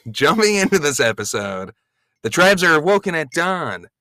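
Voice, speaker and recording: A man's voice: on the high side, very animated, unhurried, bright, forceful tone, dry recording, clean studio sound. A man co-hosting a podcast, chatting casually in a playful, teasing way. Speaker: podcast co-host. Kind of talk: casual banter.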